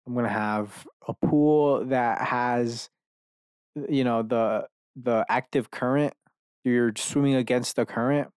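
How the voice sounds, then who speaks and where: A man's voice: mid-range voice, steady tone, slow pace, a little mellow, clear, resonant tone, no echo, studio quality. A man hosting a podcast alone in his bedroom, rambling from one idea to the next with lots of profanity and self-mocking asides. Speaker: podcast host. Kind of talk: rambling solo rant.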